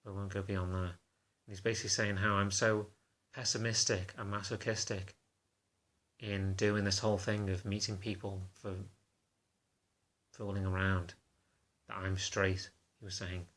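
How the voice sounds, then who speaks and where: A man talking to camera in a confessional vlog, halting and self-conscious in a subdued, low-key way. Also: level tone, fairly bright tone. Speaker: vlogger.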